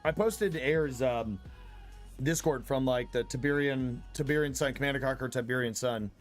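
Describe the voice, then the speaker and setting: A man's voice: mid-range voice, moderate pace, soft background music. A man chatting casually as a guest on a co-op gaming stream, easygoing and hedging as he talks.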